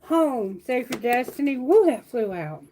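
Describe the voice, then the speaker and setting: A woman giving a live-stream tarot reading, blunt and animated, swearing freely as she talks to viewers. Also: fairly high pitch, unhurried, slight background noise. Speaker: tarot reader.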